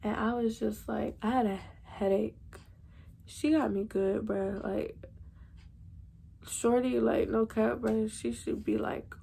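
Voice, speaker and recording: A woman's voice: fairly high pitch, steady tone, takes it slowly, gravelly, dark tone, breathy edge. A young woman, telling a storytime vlog to her viewers in a slangy, chatty way. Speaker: vlogger.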